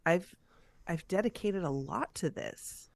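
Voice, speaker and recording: A woman with a fairly low voice plays her character at a tabletop game. She answers calmly and hesitates now and then. Her recording is dry, with no room sound. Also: creaky, no room sound. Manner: calm, halting replies. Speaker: player. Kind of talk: in-character tabletop role-play.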